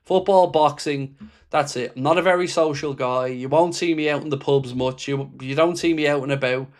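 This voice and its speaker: Male stream host, fairly high-pitched, blunt and impassioned, swears freely while answering viewer comments. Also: moderate pace. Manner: reads viewer comments aloud and answers them. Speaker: football fan channel host. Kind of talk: livestream reaction chat.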